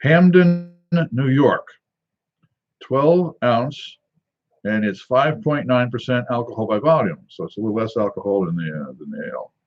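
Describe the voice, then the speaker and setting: A man's voice: on the low side, normal speed, highs cut off. A man hosting a casual tasting video, reading a can label aloud and joking to himself in a rambling, wry way. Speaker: drink reviewer.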